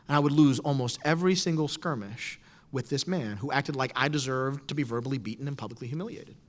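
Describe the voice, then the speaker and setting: A man's voice: mid-range voice, fast talker. A middle-aged man telling a wry personal story to an audience in a lecture hall. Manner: animated, wry, storytelling with quoted voices. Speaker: speaker giving a talk. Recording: lecture hall with long reverb.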